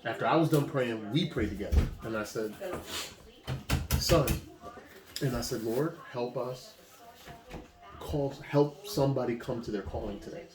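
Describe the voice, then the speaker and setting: A man's voice: mid-range voice, unhurried, long pauses, background noise. A man, a pastor, preaching informally and urging the listener directly in a conversational way. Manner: conversational, exhortative, speaks straight to a listener. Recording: echoey room with a crowd behind.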